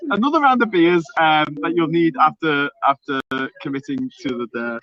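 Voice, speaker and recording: A man bantering on a live stream, teasing his co-host and reading out viewer messages. His voice sits a little high and swings about a lot as he jokes. The sound is slightly dull and lo-fi. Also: normal speed. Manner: teasing, jokey, animated. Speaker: livestream co-host reading super chats.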